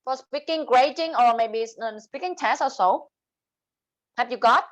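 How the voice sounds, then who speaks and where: High-voiced Vietnamese-accented woman teacher. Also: rough recording. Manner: switches between English and Vietnamese explanations, drawn-out examples. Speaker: English teacher. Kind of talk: online class lesson.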